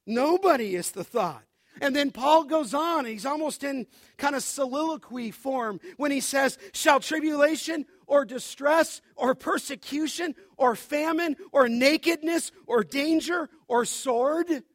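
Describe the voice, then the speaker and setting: A pastor with a very high voice preaches an emphatic sermon, quoting scripture aloud and addressing his listeners directly. His voice is dry and close to the mic, without any room echo. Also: a little slow, fairly bright tone.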